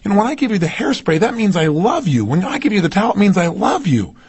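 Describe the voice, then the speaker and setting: An earnest, affectionate wife explaining what makes her feel loved, as a man puts her on in a motivational talk. Her voice is husky and sits a bit higher than the speaker's usual register. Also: very animated, quick pace, a little mellow, full character voice. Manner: earnest, raised pitch.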